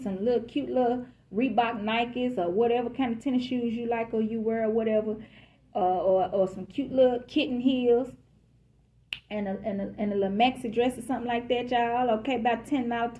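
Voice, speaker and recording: A woman's voice: fairly high pitch, dark tone, lo-fi sound. A woman giving a casual collective love reading, chatty and emphatic, who calls her listeners y'all and baby. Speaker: tarot reader.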